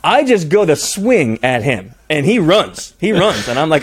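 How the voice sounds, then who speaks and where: A man spins a long, funny story as a podcast guest, talking casually and animatedly. His voice sits a little high and swings widely, shooting up in pitch at the big moments. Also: normal speed, few pauses, husky. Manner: animated, voice jumps high when excited.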